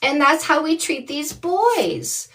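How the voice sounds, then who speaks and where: High-voiced canadian dating coach lady ranting on a live, blunt, mocking, swears a lot. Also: big pitch swings, slow pace, fairly bright tone. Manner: scolding, with many rhetorical questions. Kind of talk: livestream rant.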